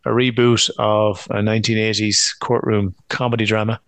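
A man's voice: on the low side, little pitch movement, moderate pace, a bit bright, dry recording. A man hosting a film review podcast, who teases his co-hosts and steers the talk along. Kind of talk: casual film review chat.

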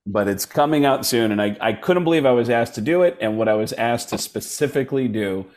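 A man's voice: medium pitch, animated, a little fast, darkish tone. A man, a comedian guest on a podcast, chatting casually and rambling with many fillers and restarts.

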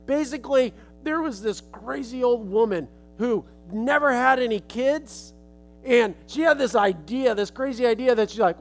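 A man's voice: very high-pitched, moderate pace, soft background music. A male preacher telling a children's story as a sermon illustration in a casual, folksy way.

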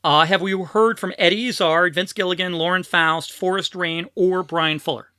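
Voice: mid-range voice, fairly even intonation, normal speed, bright, forceful tone, smooth, no room sound, clean studio sound. A podcast host chatting casually and poking fun at himself, who sometimes giggles. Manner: self-deprecating, giggly.

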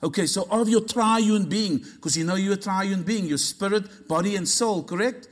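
Male pastor, high voice, lively storytelling sermon delivery. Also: moderate pace. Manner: animated storytelling, acting out dialogue.

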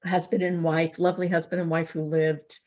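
A middle-aged woman telling a personal story in a conversational interview, lively and acting out the dialogue she quotes. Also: fairly low pitch, brisk. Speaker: guest.

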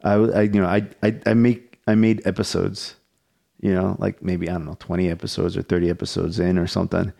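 A man's voice: low voice, little pitch movement, brisk, vocal fry, dark tone. A man hosting a podcast in casual chat, rambling and swearing freely as he tells a story, with laughs along the way. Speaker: podcast host.

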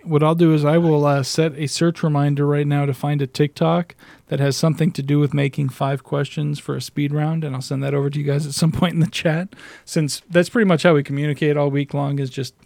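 A man co-hosts a casual podcast, rambling and joking between laughs. His voice sits a bit high and the recording is dry and close. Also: little pitch movement, fairly quick, gravelly, a little mellow, no echo. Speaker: podcast co-host. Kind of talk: casual chat.

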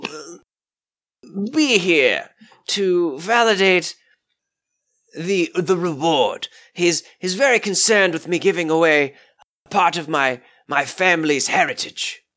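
Lord White is a fretful, courteous old nobleman, acted by a man. He speaks formally and fussily in a raised voice at an unhurried pace. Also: high-pitched, pushed and bright, pitched above the performer's own voice, full character voice. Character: polite, fretful aging male nobleman.

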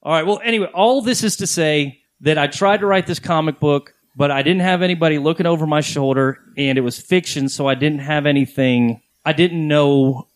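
A man's voice: a little high, a little fast, hardly any pauses, dry recording. Rambling candid man, dry sound. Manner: rambling, candid storyteller with swearing. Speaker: podcast host. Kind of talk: casual podcast chat.

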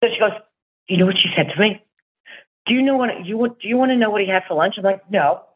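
A fast-talking middle-aged woman with a mid-range, slightly breathy voice comes through a tinny phone connection. Chatty and meandering, she recounts a fan story in casual conversation and performs the quoted voices of those involved.

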